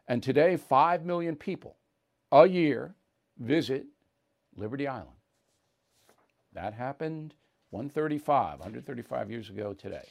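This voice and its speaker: A man's voice: mid-range voice, animated, unhurried, vocal fry, pauses often, darkish tone. A man hosting a talk show, reading listener mail and answering with blunt, opinionated retorts.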